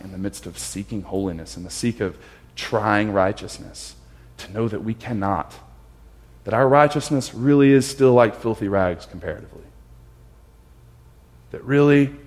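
Low-voiced male pastor preaching. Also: normal speed. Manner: reflective, repeats phrases for emphasis. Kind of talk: sermon.

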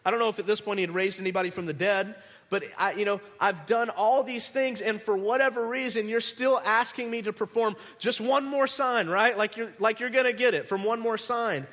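A man preaching a conversational sermon, animated, restarting words and acting out the people he quotes. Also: sits high, fairly quick, in a large hall. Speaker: pastor.

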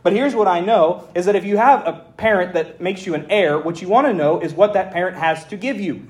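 A man preaching a sermon as pastor, reading scripture aloud in an animated way with folksy asides. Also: sits high, a little fast.

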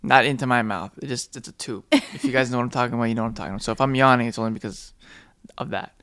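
A man's voice: mid-range voice, very fast, dry recording, clean studio sound. A young man and new father, chatting casually, joking around while tired and yawning. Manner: joking, animated, acts out quotes. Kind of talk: casual chat.

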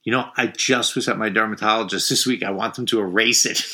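A man's voice: fairly low pitch, fairly even intonation, fast talker, bright, forceful tone. A middle-aged man from the New York area telling a rambling story in casual chat, full of fillers and swearing.

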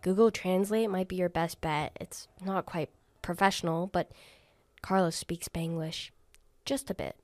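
With a Southern US accent, an older woman plays a toothless, chain-smoking old diner waitress who is blunt and sarcastic, sometimes muttering under her breath. Her voice is raspy and gravelly, on the low side, fairly even and unhurried, a little mellow, with no room sound and only light acting.

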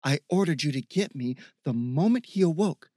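A man reading an audiobook voices a commanding young woman of royal rank who speaks formally and expects to be obeyed. He raises his pitch moderately for her. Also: animated, moderate pace, warm tone, no echo, studio quality. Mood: imperious. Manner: formal, imperious.

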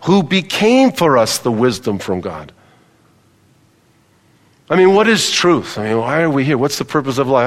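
Emphatic male preacher in a reverberant hall. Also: fairly high pitch. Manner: emphatic, repeats key phrases and calls for congregation responses. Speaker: pastor. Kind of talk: sermon.

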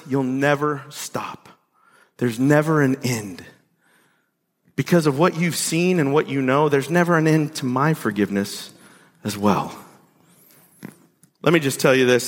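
A pastor preaching a sermon. He preaches with big swings in pitch. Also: a bit bright. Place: church sanctuary. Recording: long reverb of a church hall.

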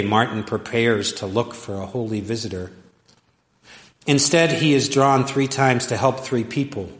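A male pastor delivering a storytelling sermon in a slow, measured way with emphatic pauses. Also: medium pitch. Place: church sanctuary. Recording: echoey church with long reverb.

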